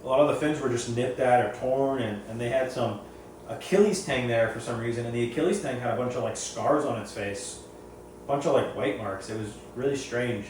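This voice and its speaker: Male reef hobbyist, rambling opinionated storyteller, mid pitch, recorded from a distance in a very echoey room. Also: brisk, darkish tone. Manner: rambling, repeats and restarts phrases. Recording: very echoey room, far from mic, faint noise.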